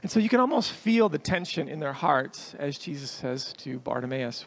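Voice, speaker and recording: A man's voice: a little high, expressive, normal speed, vocal fry, few pauses. A man preaching a sermon as a guest speaker in a church, earnest and emphatic, repeating his phrases for weight. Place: church hall with a congregation.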